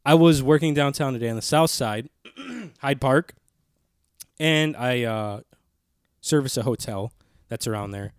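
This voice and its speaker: A man's voice: mid-range voice, measured pace, long pauses, clean tone, no echo, studio quality. A young man co-hosting a podcast, telling a long rambling story in casual chat, swearing a lot and acting out what others said. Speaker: podcast co-host. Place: small podcast studio. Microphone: studio mic.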